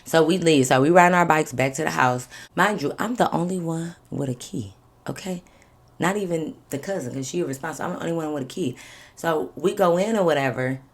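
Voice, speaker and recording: A woman vlogger telling a story in casual, animated fashion, swearing freely and acting out what people said. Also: low-pitched, brisk. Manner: animated, swears freely, acts out others' lines.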